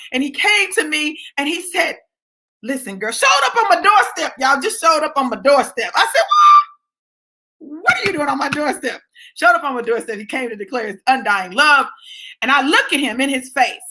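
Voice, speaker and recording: A woman talking straight to her viewers in a casual storytelling monologue, swinging from low asides to high exclamations and checking in with "right?". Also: sharp tone. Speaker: vlogger.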